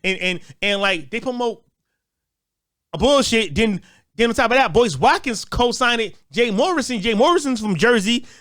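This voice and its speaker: A man's voice: extremely high pitch, lively intonation, normal speed, a bit bright, dry recording, studio quality. A man giving a heated, profane rant as a commentator, often stammering and repeating words as he restarts.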